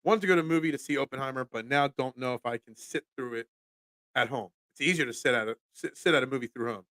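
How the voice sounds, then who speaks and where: A man hosting a casual sports talk show, ranting in an animated, self-deprecating way. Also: medium pitch, fast talker, dry recording.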